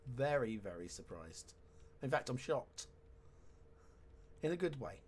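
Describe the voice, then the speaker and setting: A man's voice: mid-range voice, sing-song, unhurried, a little mellow, slight background noise. A man giving casual let's-play commentary, chatty and wry with sarcastic asides. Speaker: game commentator.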